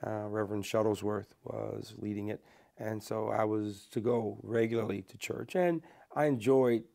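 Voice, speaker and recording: An older man, telling a personal story in an interview. He speaks earnestly and lifts his voice to stress points before dropping back down. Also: fairly low pitch. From Alabama, USA. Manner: earnest and animated, lifts his voice for emphasis then drops it.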